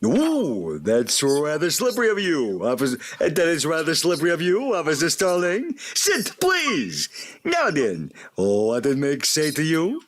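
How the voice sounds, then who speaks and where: A man voicing a cartoon bear playing a sly, menacing male doctor, in a teasing, drawn-out way. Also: on the high side, wildly swooping pitch, full character voice. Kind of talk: live staged script reading.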